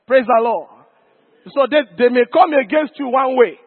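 A man's voice: very high voice, big pitch swings, slow pace, breathy edge. A man preaching a sermon as pastor, emphatic, repeating key phrases and calling out to the congregation. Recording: lo-fi phone-like church recording with long reverb.

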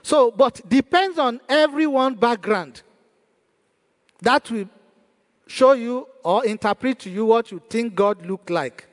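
A man's voice: extremely high pitch, animated, takes it slowly, big-room sound. A man preaching a sermon as pastor, asking rhetorical questions and repeating praise to the congregation.

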